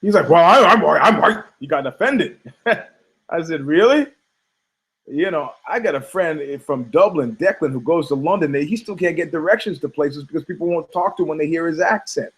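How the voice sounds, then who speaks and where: A middle-aged man, a podcast co-host, talking casually and with strong opinions, telling animated stories and acting out the people he quotes. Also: fairly high pitch, a little fast, rough recording. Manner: animated storytelling, acts out quoted voices, frequent laughs.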